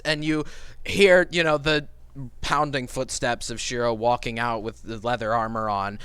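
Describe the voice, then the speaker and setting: A man narrating as game master of a tabletop role-playing game, animated and rambling, swearing now and then. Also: medium pitch, normal speed, smooth, no echo. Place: home streaming setup.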